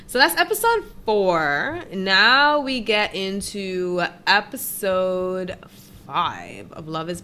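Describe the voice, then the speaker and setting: Blunt woman podcast co-host, bright voice. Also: lowish voice. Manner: blunt, laughing, mocking. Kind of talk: casual recap chat.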